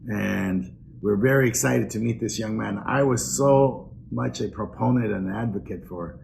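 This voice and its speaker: Low gravelly older man reminiscing. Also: unhurried, a little mellow, a little hiss or hum. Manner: reminiscing, earnest, hesitant fillers. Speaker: award presenter. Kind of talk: personal introduction speech.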